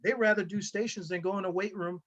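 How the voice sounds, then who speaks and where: A male high school wrestling coach, a podcast guest, telling stories in a loose, rambling way full of fillers and restarts. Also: steady tone, fast, fairly bright tone. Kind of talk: casual conversational storytelling. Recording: dull lo-fi sound.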